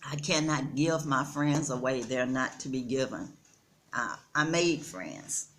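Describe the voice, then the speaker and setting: Slow-talking Texan woman in her sixties. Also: rumbling low, expressive, a bit bright. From Texas. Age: 60s. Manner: slow, earnest, addresses viewers as y'all. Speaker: vlogger. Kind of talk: casual chat. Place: outdoors in the Gambia.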